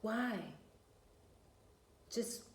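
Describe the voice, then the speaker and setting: A woman, venting bluntly and profanely to her viewers in a casual rant. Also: drawn-out words. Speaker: vlogger. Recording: echoey room.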